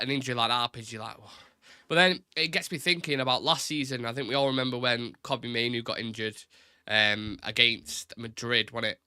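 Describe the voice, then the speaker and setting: A young man hosts a relaxed live football stream and talks in loose, stop-start phrases that often double back on themselves. His voice has a sharp, forward edge. The sound is close and dry, with no room tail. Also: medium pitch, smooth, dry recording. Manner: chatty, repeats words, says "innit", reads chat aloud.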